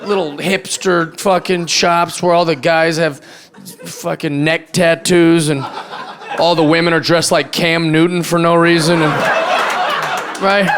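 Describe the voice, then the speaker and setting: High-voiced profane stand-up comedian man. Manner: profane, mocking, drops low and quiet for asides. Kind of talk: stand-up set. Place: comedy club stage. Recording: live club crowd laughing. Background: audience laughter.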